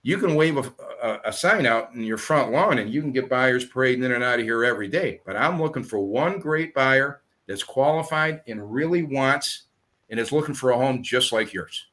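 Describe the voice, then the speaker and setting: A man's voice: medium pitch, animated, moderate pace, fairly bright tone. Guy talking shop, acts out his phone calls, tells it like a story. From southern United States. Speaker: guest real estate agent. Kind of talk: explaining sales methods in a podcast talk.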